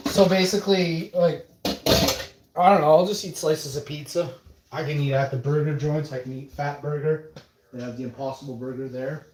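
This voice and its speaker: A man's voice: fairly high pitch, steady tone, normal speed, noisy background. A man livestreaming a long, meandering monologue of stories, swearing and trailing off mid-sentence. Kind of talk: rambling anecdotal monologue. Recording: roomy echo.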